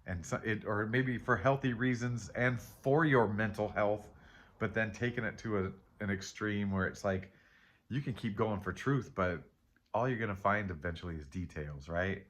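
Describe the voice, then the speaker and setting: Low-voiced man musing over tarot. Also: normal speed, slight background noise. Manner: rambling and reflective, trailing off and questioning himself; candid and self-deprecating, with soft laughs. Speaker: tarot reader and channel host. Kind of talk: casual spiritual chat while reading tarot.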